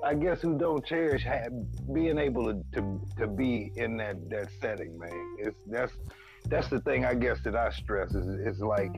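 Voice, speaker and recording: A man from St. Louis, speaking in a casual, halting and reflective way on a podcast. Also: medium pitch, over music. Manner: halting, reflective, lots of restarts. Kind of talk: casual chat.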